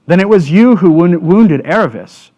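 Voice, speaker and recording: A man's voice: high-pitched, lively intonation, moderate pace, dark tone, muffled recording. A man reading aloud, voicing an anxious, bewildered boy who presses with eager questions.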